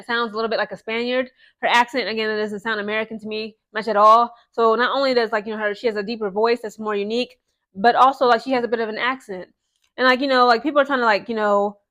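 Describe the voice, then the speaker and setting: A young woman talking casually to her viewers about women's basketball, chatty and animated, often tossing in "okay?" and "guys" asides. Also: a little high. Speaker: sports commentary vlogger. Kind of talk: casual vlog commentary.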